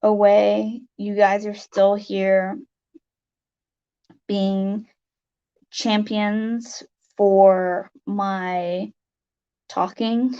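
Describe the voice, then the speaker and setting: Teary, slow-talking woman with gravelly voice. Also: mid-range voice, darkish tone, muffled recording. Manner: emotional, tearful, halting with many fillers. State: teary, sniffling. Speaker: livestream host. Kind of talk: casual livestream chat to viewers. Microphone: webcam mic.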